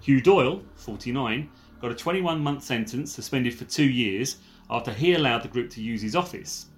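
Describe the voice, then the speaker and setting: A man's voice: medium pitch, lively intonation, moderate pace. A man co-hosting a casual true-crime podcast, reading out details and dropping wry, jokey asides. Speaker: podcast co-host.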